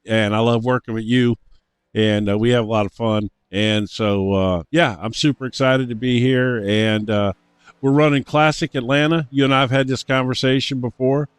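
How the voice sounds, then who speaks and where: A man's voice: mid-range voice, fairly even intonation, normal speed, clean tone, dry recording. A man co-hosting a racing broadcast in casual banter, rambling and repeating himself with many fillers. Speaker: race broadcast co-host.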